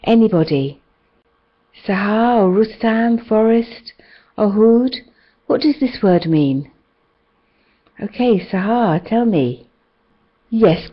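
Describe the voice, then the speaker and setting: This British woman runs an online English lesson in a patient, encouraging way, putting question after question to her students. Her voice sits at an ordinary middle pitch. The sound is dull and lo-fi, like a video call. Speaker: English teacher.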